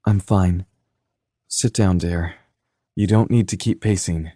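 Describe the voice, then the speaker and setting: A man voicing a shaken young woman in an audiobook, speaking earnestly and softly. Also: sits low, steady tone, slow pace, no echo, clean studio sound. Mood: shaken, tender. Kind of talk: audiobook character voice.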